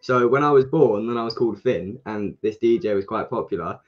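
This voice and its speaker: A man's voice: on the low side, fairly quick. Young Kent English man, podcast guest, rambling and filler-heavy, muffled lo-fi line. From England, Kent. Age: young adult. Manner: explains at length with many fillers and restarts. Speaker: guest, junior supersport racer. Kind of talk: casual podcast chat.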